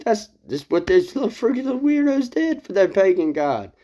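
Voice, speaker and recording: A man's voice: sits high, very animated, moderate pace, mellow. Rambling, laughing man telling a story. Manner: rambling, laughs often, swears casually, many restarts. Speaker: video host. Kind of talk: casual retelling of a Bible story.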